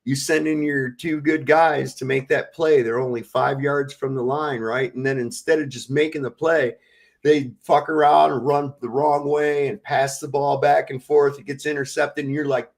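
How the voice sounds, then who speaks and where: A man co-hosting a casual live-stream chat, venting with a lot of swearing and animated storytelling. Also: mid-range voice, moderate pace, creaky. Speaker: livestream co-host.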